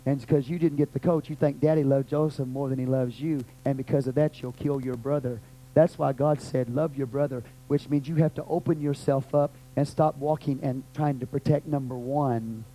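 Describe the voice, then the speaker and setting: Fervent Texan pastor preaching. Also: male voice, fairly even intonation, moderate pace, slight background noise, low-quality recording. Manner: fervent, swings from loud cries to low murmurs. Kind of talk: sermon with prayer.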